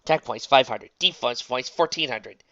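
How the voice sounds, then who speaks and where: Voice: mid-range voice, moderate pace, gravelly, fairly bright tone, no room sound, lo-fi sound. A reader narrating a fan story aloud, breaking off for chatty asides to listeners.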